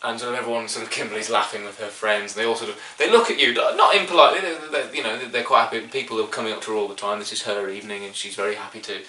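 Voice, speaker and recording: A man's voice: fairly low pitch, steady tone, racing, hardly any pauses, pushed and bright, a little hiss or hum. Hesitant man running a game. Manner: hesitant, full of "sort of" and restarts. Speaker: game master. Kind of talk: narrating a tabletop game. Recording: echoey room, mic at a distance.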